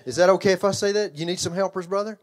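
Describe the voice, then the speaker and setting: An older man, a pastor and children's ministry trainer, preaches a sermon in an emphatic, conversational style. His high voice moves very fast with fairly even intonation, and he repeats phrases, restarts lines and questions the congregation.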